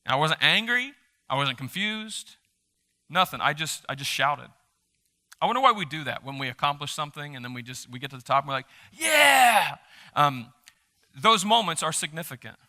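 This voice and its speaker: A male pastor giving a live sermon in a church, animated and emphatic, joking with the congregation. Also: on the high side, fairly quick. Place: church sanctuary during a service.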